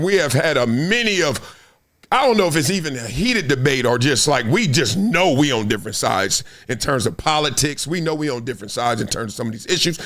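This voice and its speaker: A middle-aged man with holds forth on a sports talk show. His voice sits high and swings widely as he makes his points. He repeats words for emphasis and laughs through his arguments. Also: a bit bright. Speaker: podcast host. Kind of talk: casual sports commentary monologue.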